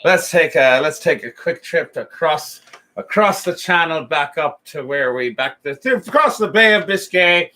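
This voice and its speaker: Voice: medium pitch, lively intonation, unhurried, bright, forceful tone. A singer hosting a casual drinking show, bantering playfully between songs. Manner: playful, self-deprecating banter. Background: guitar playing.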